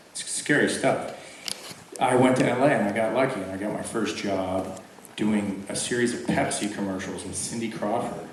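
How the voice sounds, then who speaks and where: A man's voice: fairly low pitch, a little hiss or hum. A man answering audience questions at a convention, telling self-mocking stories with frequent laughs. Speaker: convention guest actor. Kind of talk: casual Q&A storytelling. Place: convention hall. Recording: echoey hall, far from mic, crowd. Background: crowd.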